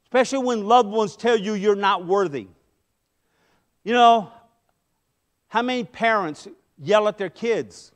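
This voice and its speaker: A middle-aged man delivers a sermon from the pulpit with a strikingly high voice. He preaches with passion, pushing hard on key points and then pulling back into hushed asides. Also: unhurried, long pauses. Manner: impassioned, swinging between loud emphasis and hushed asides. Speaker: pastor.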